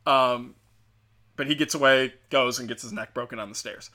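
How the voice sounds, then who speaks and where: A podcast host recaps a show's story in a casual, rambling way, full of profanity and jokes. His medium-pitched voice is steady, bright, and forceful, at a moderate pace.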